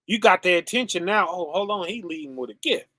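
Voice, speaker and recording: A fairly quick man whose voice sits high preaches over a stream, keeping it relaxed and chatty. He frequently checks in with "right?" and "okay?" and addresses people as "y'all" and "fam." The sound is clean studio audio without room sound.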